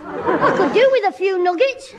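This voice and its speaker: A man's voice: very high voice, expressive, normal speed, in a large hall, a loud crowd, heavy background noise. A man voicing a cheeky, cash-strapped schoolboy who wisecracks in a 1960s radio sitcom.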